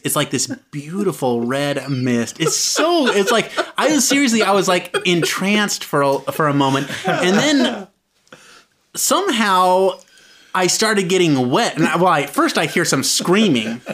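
Young guy telling a goofy story, kinda high voice, laughing a lot, does squeaky voices. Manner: animated, laughing, jumps to high pitch when acting out voices. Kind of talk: casual chat, comic anecdote.

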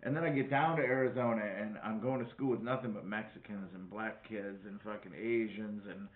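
A man's voice: on the low side, fairly even intonation, a little fast. Profane, rambling man in an echoey room. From Wisconsin. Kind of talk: casual chat. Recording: echoey room, tinny phone-like sound.

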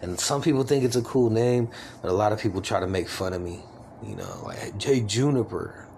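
Gravelly-voiced man in his forties rambling. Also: on the low side, very animated, brisk, a little mellow, a little hiss or hum. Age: 40s. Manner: rambling, confiding, self-deprecating. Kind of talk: rambling personal vlog.

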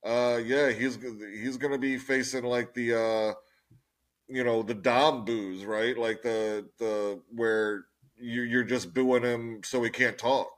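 A man with a mid-range voice thinks out loud in casual podcast chat, hesitant and full of fillers. His speech is unhurried and plain as he weighs possibilities. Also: medium pitch, steady tone. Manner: hesitant, filler-heavy musing. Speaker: wrestling podcast co-host.

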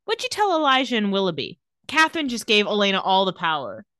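A woman's voice: medium pitch, huge pitch swings, quick pace, bright, forceful tone, no room sound, studio quality. A woman in casual chat, recapping TV scenes and acting out the characters' lines. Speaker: podcast co-host recapping a TV episode.

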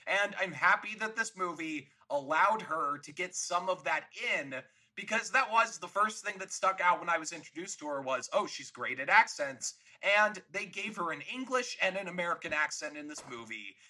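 A man's voice: high-pitched, expressive, moderate pace, hardly any pauses, bright, forceful tone, poor audio. A man co-hosting a podcast, chatting casually about a movie and laughing easily. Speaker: podcast co-host.

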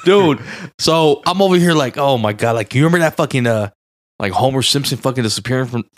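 A man's voice: mid-range voice, lively intonation, fast talker, no room sound, clean studio sound. A young man from Southern California on a podcast, telling crude stories full of swearing and "bro". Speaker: podcast co-host. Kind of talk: casual podcast chat.

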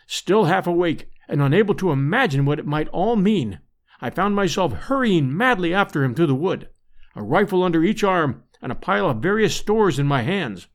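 A man narrating an adventure audiobook in measured, expressive storytelling. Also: sits high. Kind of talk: scripted narration.

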